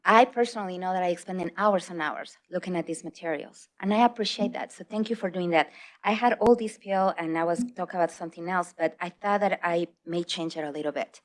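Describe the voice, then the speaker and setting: A woman's voice: on the low side, fairly quick. Mom at the board meeting mic, english not her first language, earnest and pushy. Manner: earnest, emphatic, slightly broken English. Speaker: public commenter. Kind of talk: public comment at a school board meeting. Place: meeting hall.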